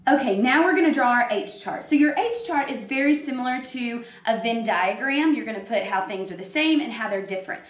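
A woman's voice: on the high side, expressive, a little fast, few pauses. A woman third grade teacher reading a story and then giving an upbeat video lesson to children. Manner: upbeat, explaining with hand gestures. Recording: roomy echo.

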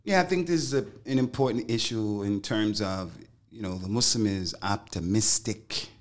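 A middle-aged Islamic scholar, appearing as an interview guest, tells stories emphatically in casual slang, repeating phrases to drive his points home. His voice is fairly low, at a moderate pace.

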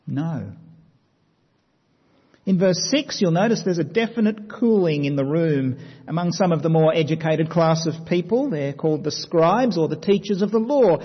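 A man preaching a sermon, telling the story dramatically and dropping to quiet emphasis. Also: sits high, breathy edge. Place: church hall. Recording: dull sound with long hall reverb.

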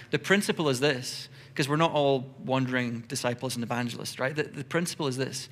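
A middle-aged man preaching a sermon in a church, lively, acting out short everyday dialogues in quick voices. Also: medium pitch. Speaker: pastor.

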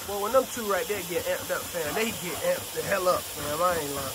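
Middle-aged man, high voice, slangy casual vlog, dog yard with barking around him. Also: a little fast, few pauses. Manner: loose slangy talk, calls viewers fam, shouts at dogs. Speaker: dog kennel owner. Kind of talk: casual vlog while doing kennel chores. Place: outdoor dog yard with kennels. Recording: outdoor yard noise with dogs barking. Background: dogs barking.

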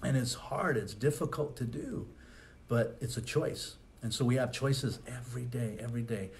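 A man's voice: medium pitch, normal speed, slight background noise. Male pastor, easygoing sermon delivery, chatty asides, mid-range voice. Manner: conversational teaching with rhetorical questions and asides.

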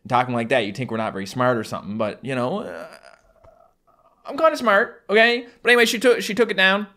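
A man's voice: medium pitch, lively intonation, rapid-fire, pushed and bright. A man from Newfoundland with a Newfoundland accent, chatting casually to his viewers in a rambling, self-deprecating way full of fillers and restarts. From Newfoundland, Canada. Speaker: YouTuber answering fan questions. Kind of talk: casual chat.

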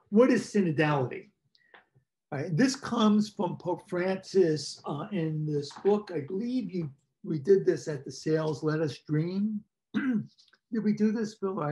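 A man, a priest, leading a parish workshop with slides, talking informally with asides and questions to his listeners and clearing his throat now and then. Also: fairly high pitch, a little mellow. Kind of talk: conversational teaching talk with slides. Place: parish meeting presenting slides.

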